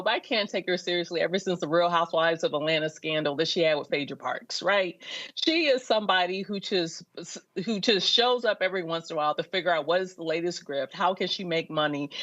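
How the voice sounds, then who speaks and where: A female guest commentator with a fairly low voice speaks in a dismissive, sardonic way. Her audio is dry and slightly dull, like a remote feed. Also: a bit bright, no echo. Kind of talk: political commentary.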